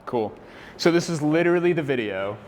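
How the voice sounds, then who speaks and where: Animated young man in an echoey room. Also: fairly high pitch, fairly quick. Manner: animated, slangy, voice jumps up when excited. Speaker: barista and café worker. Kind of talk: casual storytelling chat. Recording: roomy echo with long reverb, faint ambience.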